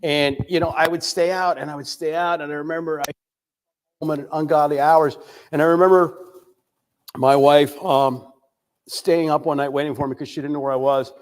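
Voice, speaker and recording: An older man from the United States giving a candid recovery testimony, telling his story with frequent pauses and fillers. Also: on the high side, fairly even intonation. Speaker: recovery speaker.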